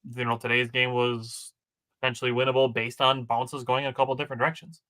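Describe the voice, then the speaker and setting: A man's voice: medium pitch, little pitch movement, fast, sharp tone. A man co-hosting a casual sports podcast, working through game stats from his notes with dry asides. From Wisconsin. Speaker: podcast co-host.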